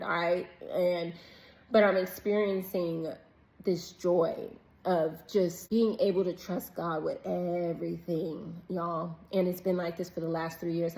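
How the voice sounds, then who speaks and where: A woman's voice: on the low side, creaky, poor audio. A woman vlogging on vacation, earnestly and emotionally sharing a faith testimony in casual, preacher-like talk. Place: on vacation, about to eat breakfast.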